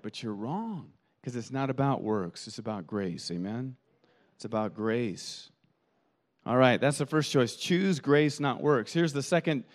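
A man pastor preaching a sermon, telling stories animatedly and often repeating words as he thinks. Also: medium pitch. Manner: animated storytelling with quoted voices.

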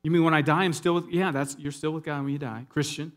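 Guy giving a sermon, upbeat and joking around, kinda high voice. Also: quick pace. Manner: animated, conversational preaching with jokes and asides. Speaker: pastor.

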